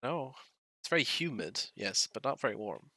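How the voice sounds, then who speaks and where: A man's voice: medium pitch, big pitch swings, moderate pace, bright, forceful tone, dry recording. A man with an Irish accent, hosting a stream, chatting casually and easily and laughing often as the session winds down. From Ireland. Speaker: game master and stream host. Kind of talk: casual chat at the end of a stream.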